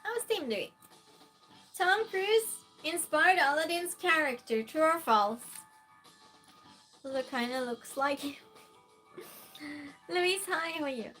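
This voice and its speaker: A streamer hosts a relaxed quiz game on a live stream, speaking slowly in a high, bright, clear voice. She greets viewers one by one and reads their chat messages aloud while faint music plays in the background.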